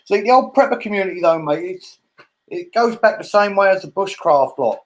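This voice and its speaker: A man's voice: high-pitched, lively intonation, fairly quick. A man hosting a casual chat, with jokey, blunt banter. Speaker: host.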